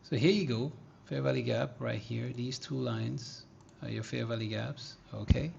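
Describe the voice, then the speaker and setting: A trading educator runs a livestream market analysis lesson, chatting in slang, thinking aloud, and humming and muttering to himself as he works. His mid-range voice has vocal fry and moves at a normal speed. The audio is lo-fi with background noise.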